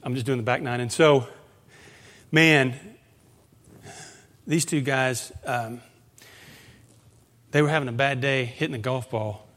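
A male pastor preaching a conversational sermon, moving into animated storytelling. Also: medium pitch, a little slow, pauses often.

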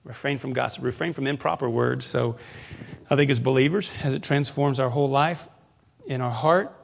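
A male pastor preaching a conversational sermon, moving into animated storytelling. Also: medium pitch, normal speed, creaky, slight background noise.

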